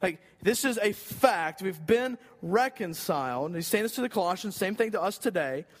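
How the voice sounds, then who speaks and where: A man's voice: sits high, lively intonation, normal speed. A man preaching a sermon in an earnest, conversational way, rising for emphasis. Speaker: pastor.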